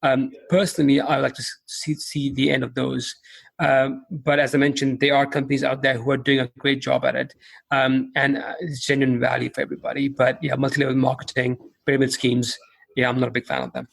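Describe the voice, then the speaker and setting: Halting, husky male business guest. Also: mid-range voice, completely flat delivery. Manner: halting, repeats words and restarts often. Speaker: podcast guest, company founder. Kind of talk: casual interview answers.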